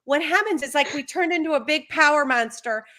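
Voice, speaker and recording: High, bright-voiced woman giving parenting advice. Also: fairly quick. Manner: animated, acts out what a parent or child might say. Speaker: parenting educator. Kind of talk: conversational advice on a live stream.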